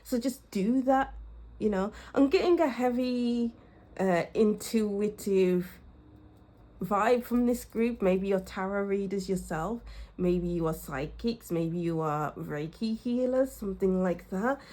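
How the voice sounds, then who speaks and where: A young woman reading tarot for her viewers in a casual, musing way, often searching for words and laughing softly. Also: mid-range voice, takes it slowly. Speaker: tarot reader.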